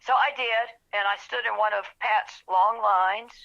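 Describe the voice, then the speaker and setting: A woman's voice: medium pitch, unhurried, creaky, dull audio. A woman author, telling her story as a podcast guest and acting out the voices of the people in it. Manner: animated storyteller, acts out quoted voices, gets emotional. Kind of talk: storytelling in an interview.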